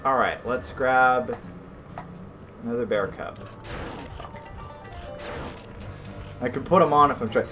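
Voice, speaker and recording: A man's voice: medium pitch, slow pace, long pauses, music in the background. A young man hosting a gameplay stream, joking and swearing offhandedly as he plays. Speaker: let's play host. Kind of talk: casual gameplay commentary.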